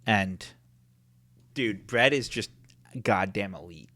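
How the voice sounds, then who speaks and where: Young man ranking food, lowish voice. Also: slow, dry recording. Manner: animated, opinionated, swearing casually. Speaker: podcast co-host. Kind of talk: casual chat.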